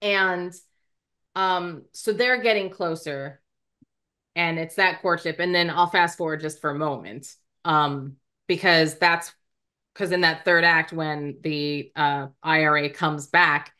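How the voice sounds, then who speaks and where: An American woman talks through a film's plot in loose, animated podcast chat. Her voice sits a little low but sounds bright and forward. She laughs easily and slips into the characters' lines as she retells them. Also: takes it slowly. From United States. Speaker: podcast co-host. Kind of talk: casual movie review chat.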